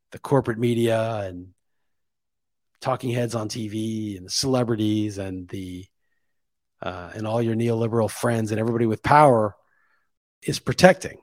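A man's voice: mid-range voice, moderate pace, no room sound, studio quality. A man hosting his own podcast, delivering a casual opinion monologue and thinking aloud, pushing his voice up to stress key points. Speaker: podcast host.

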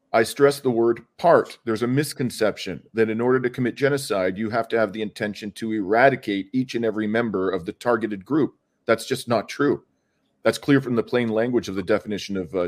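A man who is a lawyer, answering interview questions with a careful, earnest legal argument, stressing key words and using many fillers and restarts. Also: lowish voice.

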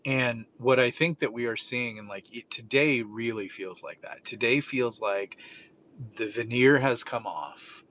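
Animated bright-voiced man hosting a podcast. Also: medium pitch, measured pace. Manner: animated storytelling, acting out quoted exchanges. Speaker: podcast host. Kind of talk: casual podcast chat. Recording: slightly dull audio with faint noise.

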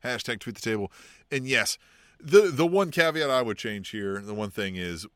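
A man co-hosting a casual wrestling podcast, often laughing and chiming in with quick agreement. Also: mid-range voice, animated, fairly bright tone, dry recording, studio quality. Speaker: podcast co-host.

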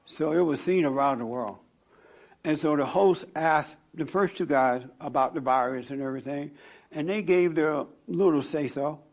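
A man preaching and counseling a congregation, telling stories in an animated way. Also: fairly high pitch, moderate pace. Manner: animated, storytelling, laughing at own stories. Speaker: pastor. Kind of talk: sermon with audience counseling.

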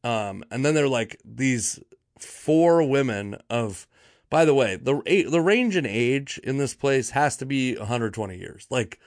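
A man of medium pitch tells a comic story in a loose, rambling way. He exaggerates dryly and keeps correcting himself mid-sentence. His voice sounds close and dry, with no room sound. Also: lively intonation, unhurried, dry recording. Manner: rambling, wry, exaggerating for laughs; frequent fillers and self-corrections. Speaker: podcast host. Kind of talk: casual comedic storytelling monologue.

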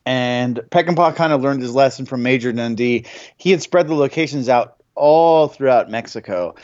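A man hosting a podcast, telling film production anecdotes in a casual, halting way. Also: medium pitch, a little mellow, no echo, lo-fi sound. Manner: anecdotal, many restarts and fillers. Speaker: podcast host.

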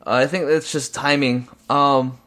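A young man co-hosting a podcast, talking in a rambling, excitable way with lots of fillers and restarts. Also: mid-range voice, a little slow. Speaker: podcast co-host. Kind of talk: casual chat.

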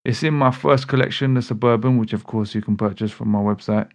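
A man's voice: medium pitch, fairly even intonation, a little fast, creaky. Male poet-host, easygoing spoken-word delivery, mid-range voice. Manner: conversational, laid-back reading with slang.

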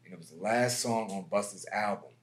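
A man, a music producer being interviewed, telling stories in a casual, lively way and acting out other people's lines. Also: lowish voice, brisk, slight background noise. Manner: animated, acts out quotes with raised voice.

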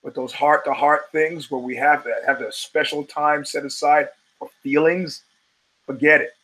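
A man's voice: fairly high pitch, level tone, moderate pace, bright, forceful tone, poor audio. A man hosting a solo podcast, talking in a wry, profane, digressive way with emphatic punches. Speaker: podcast host.

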